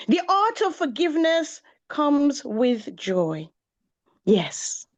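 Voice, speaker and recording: A woman's voice: high voice, very animated, takes it slowly. A woman from England performing spoken-word poetry in a rhythmic, chant-like way, with sung and exclaimed bursts. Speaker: poet. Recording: dull lo-fi recording of a live gathering.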